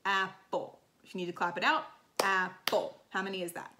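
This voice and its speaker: A woman's voice: on the low side, lively intonation, rapid-fire, sharp tone, slight background noise. A woman music teacher giving a recorded lesson to children, explaining in an upbeat teacherly way with frequent ums and okays.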